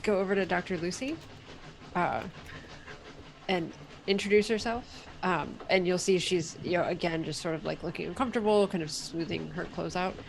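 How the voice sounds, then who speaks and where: Low, gravelly woman narrating her character. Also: normal speed, a little hiss or hum, low-quality recording. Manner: hesitant, lots of fillers. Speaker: player.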